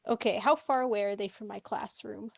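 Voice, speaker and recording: A woman's voice: mid-range voice, a little fast, creaky. A woman player in a tabletop role-playing game, chatting casually and hesitating as she plans her moves.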